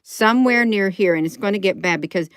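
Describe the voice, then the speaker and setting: A woman's voice: medium pitch, fairly quick, smooth, dry recording, clean studio sound. A woman vlogging into her phone, thinking aloud in a casual, rambling way and often restarting her sentences.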